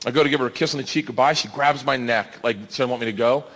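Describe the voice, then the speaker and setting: A man doing a stand-up comedy set, animated and storytelling, acting out voices and bantering with the crowd. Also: mid-range voice, fast talker. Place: comedy stage before a live audience. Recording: live show with audience laughter and background noise.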